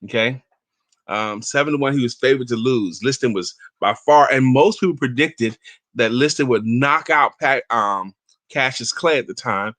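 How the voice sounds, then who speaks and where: A man's voice: medium pitch, normal speed, a bit bright, dry recording. A man in his fifties hosting an inspirational talk, telling stories and reading aloud in an emphatic, chatty way. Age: 50s. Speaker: motivational talk host.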